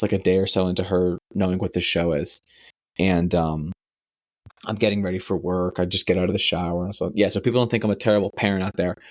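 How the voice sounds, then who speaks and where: A young man co-hosting a podcast, telling a long rambling story with plenty of swearing and sudden high-pitched voices. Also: dry recording. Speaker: podcast co-host. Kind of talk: casual chat.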